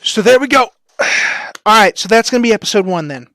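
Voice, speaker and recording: A man co-hosting a podcast in casual chat, rambling and animated and quick to laugh. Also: high-pitched, no echo. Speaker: podcast co-host.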